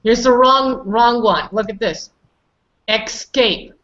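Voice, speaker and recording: A woman's voice: fairly high pitch, measured pace, fairly bright tone, lo-fi sound. A woman teaching English pronunciation, patiently correcting students and calling on them by name. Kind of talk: online pronunciation lesson.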